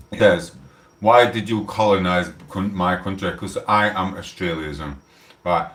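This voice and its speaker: A man with a Sheffield accent, chatting casually on a live stream, rambling and swearing with loud outbursts. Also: low voice, measured pace, echoey room, distant mic. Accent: Sheffield, South Yorkshire. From England.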